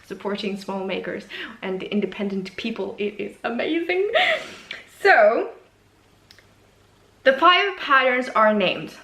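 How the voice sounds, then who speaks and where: Speaking in a sharp, mid-range voice, this woman is a knitwear designer with Norwegian as her first language. She hosts a casual video podcast from an echoey room, chatting with gushing enthusiasm and self-deprecating humor.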